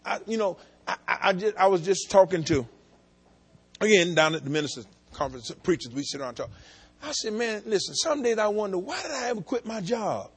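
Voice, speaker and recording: A middle-aged man preaching a sermon, telling folksy stories and rising from low asides to shouted climaxes. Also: animated, a little fast, husky. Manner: folksy storytelling, talks to the congregation directly. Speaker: pastor.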